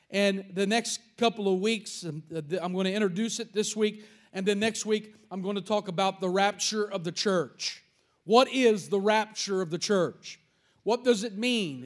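Pastor, male, very high voice, emphatic sermon delivery with repeated words for stress.

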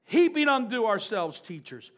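A high-voiced man preaching a sermon. He drives his points with fervent force and then drops into quieter, conversational asides. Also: sing-song, moderate pace.

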